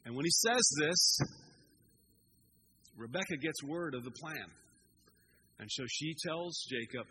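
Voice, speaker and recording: A man, a pastor, retelling a story in a casual, animated sermon. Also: on the high side, slow pace, pauses often, slight background noise, rough recording.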